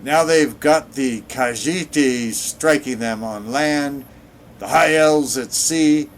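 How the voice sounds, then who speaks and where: A man's voice: mid-range voice, takes it slowly, slight background noise, voice pushed up. A man voicing a scornful male Nord diplomat with a put-on Nord accent and a blustering, contemptuous manner.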